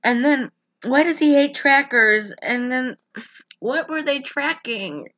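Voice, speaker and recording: A woman recapping a movie plot in casual chat, her voice bright and a bit high. She tells the story animatedly while saying she feels sick. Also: slow pace. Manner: animated storytelling, flat deadpan when quoting characters. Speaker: co-host recapping a film.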